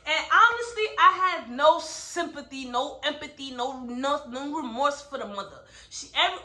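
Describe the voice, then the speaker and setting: Woman doing a casual book review vlog, high voice, lots of "like" and "right?", echoey room. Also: pushed and bright. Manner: emphatic, heavy use of "like" and "right?".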